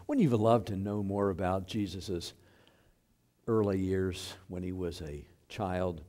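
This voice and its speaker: Slow, mellow-voiced male pastor preaching. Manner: unhurried and lively in pitch, with fillers. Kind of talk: sermon. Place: church sanctuary.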